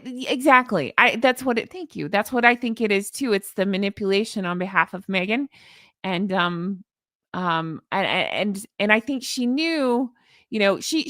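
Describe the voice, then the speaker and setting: A woman's voice: mid-range voice, no room sound, clean studio sound. Sarcastic woman ranting on a livestream. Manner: sarcastic, animated, talks to live chat. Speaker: commentary channel host. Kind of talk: casual opinion chat with live chat.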